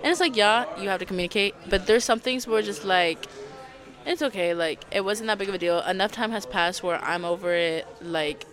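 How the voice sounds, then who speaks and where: A young adult woman co-hosting a casual podcast chat. She rambles and fills her talk with "like" and quick asides. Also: mid-range voice, fairly bright tone. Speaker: podcast co-host. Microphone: podcast mic.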